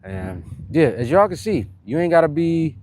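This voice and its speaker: A young man from California with a Californian accent, chatting in slang during a live-stream workout and giving shout-outs to viewers, a little short of breath between sets. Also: fairly high pitch, big pitch swings, moderate pace. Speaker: fitness streamer.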